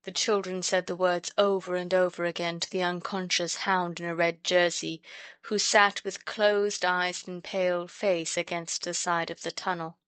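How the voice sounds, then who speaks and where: A woman's voice: lowish voice, moderate pace, no room sound. Woman reading a classic children's story. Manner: steady, clear reading. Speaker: audiobook narrator. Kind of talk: storybook narration.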